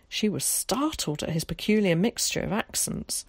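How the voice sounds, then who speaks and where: A woman narrating an audiobook in a calm, measured way. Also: medium pitch, vocal fry, breathy edge, dry recording, studio quality.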